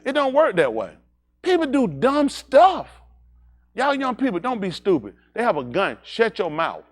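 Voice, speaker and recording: A man with a high voice that swings widely up and down, telling a loose, laughing anecdote at a congregation's livestream. He circles back on himself, repeats "I said" again and again, then turns preachy and warns young people directly. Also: normal speed. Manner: animated, repeats "I said", laughs through the story. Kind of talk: anecdotal storytelling with a moral.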